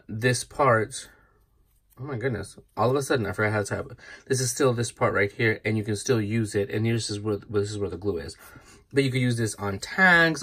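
A man's voice: mid-range voice, fairly bright tone, slight background noise. A man hosting a casual craft tutorial, chatty and rambling, correcting himself as he demonstrates. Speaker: craft channel host.

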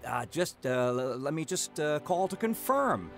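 A man's voice: fairly high pitch, very animated, measured pace, soft background music. A man acting a nervous, forgetful husband in a comedy sketch, stammering over excuses. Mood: flustered.

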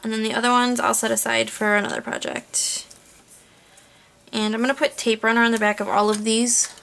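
A woman narrating her card-making tutorial in a relaxed, chatty way, thinking aloud as she works. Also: a little high, brisk, creaky, slight background noise. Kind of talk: casual crafting tutorial voice-over.

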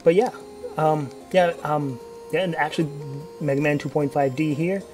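A man's voice: on the high side, normal speed, music in the background. A young man giving casual gameplay commentary, rambling and profane, full of fillers and restarts. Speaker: let's play commentator.

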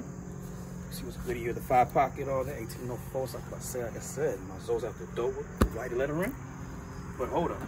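A man shows off sneakers in an easygoing, slang-heavy vlog, looping back to his catchphrases. His voice sits at a middling pitch for a man. He talks outdoors as night falls, with crickets chirping and cars passing clearly in the background. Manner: slangy, chatty, repeats catchphrases. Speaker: sneaker vlogger. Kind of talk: casual hyped sneaker show-and-tell. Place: outdoors at dusk. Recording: outdoor noise with crickets and traffic.

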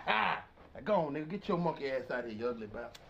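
A man's voice: mid-range voice, animated, fast, gravelly, fairly bright tone, highs cut off, slight background noise. An actor playing a boastful, ranting male uncle who deals crack, cursing and laughing through blustery threats. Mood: bragging. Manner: profane, blustering, laughing rants. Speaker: uncle and drug dealer.

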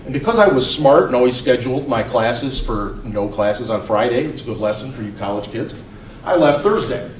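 A man's voice: mid-range voice, normal speed. Man in his forties telling stories in an echoey hall. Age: 40s. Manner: animated, swings from loud to soft. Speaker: teacher. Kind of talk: storytelling talk to students. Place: school hall. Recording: echoey room, mic far off, faint noise.

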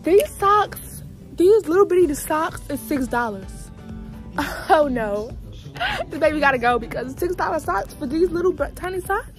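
A woman's voice: high voice, lively intonation, normal speed, faint music behind. A young woman, vlogging casually in a big store, giggly and nervous as she talks to her viewers. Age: young adult. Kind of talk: casual vlog chat.

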